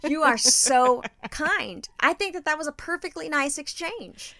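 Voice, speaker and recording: A bright, forceful woman co-hosting a casual podcast, her voice sitting high. She rants brashly and swears freely. The sound is dry and close. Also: expressive, unhurried, no room sound. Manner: brash, profane, emphatic ranting. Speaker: podcast co-host. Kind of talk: casual chat.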